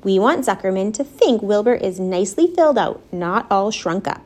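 A woman voicing a wise, kindly female barn spider in a storybook reading, speaking in a gentle but firm, patient way. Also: mid-range voice, lively intonation, moderate pace, lightly acted.

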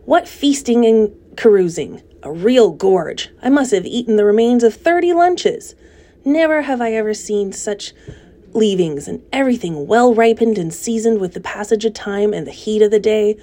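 A woman voicing a greedy, overfed male rat with a husky, sneering voice, reading a storybook aloud. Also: mid-range voice, expressive, moderate pace, dark tone, close to an everyday voice. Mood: gloating.

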